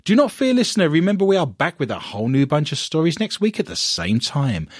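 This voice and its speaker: A man's voice: fairly high pitch, brisk, husky, no room sound, clean studio sound. A man hosting a radio show, joking and wrapping up with scores and thanks. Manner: jokey, breaks into song, animated. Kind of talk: comedic radio chat and show sign-off.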